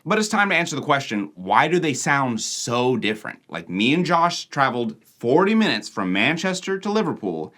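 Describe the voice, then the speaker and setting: A young American man from Oregon narrating a travel vlog with a chatty, animated delivery. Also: mid-range voice, normal speed, few pauses. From Oregon, USA. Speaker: vlogger host.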